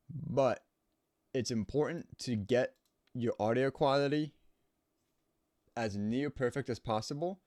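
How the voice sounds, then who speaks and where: Speaking close to a studio mic, a man who works as an audio engineer walks through home recording in a relaxed, explanatory way, driving points home by repetition. His medium voice is a little mellow, with no echo.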